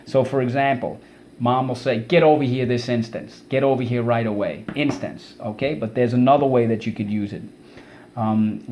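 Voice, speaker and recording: Guy teaching kids spelling words over video, mellow warm tone, bit of hiss behind. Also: mid-range voice. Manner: energetic, repeats words and syllables for students. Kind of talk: online vocabulary lesson for kids.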